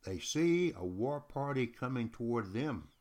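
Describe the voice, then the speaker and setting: Lively folksy male storyteller. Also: medium pitch, measured pace. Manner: lively and folksy, addresses the listener directly. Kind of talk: oral storytelling.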